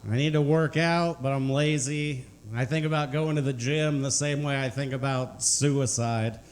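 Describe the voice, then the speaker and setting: A man on a comedy club stage delivering short, dry, deadpan one-liners. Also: mid-range voice, normal speed. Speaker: stand-up comedian. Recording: club room noise behind.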